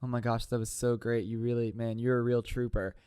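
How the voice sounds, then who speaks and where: A man mimicking an emotionally cold young male reality-show bachelor, speaking flatly and detachedly. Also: medium pitch, brisk, clean tone, no room sound, clean studio sound, voice pushed down, close to an everyday voice.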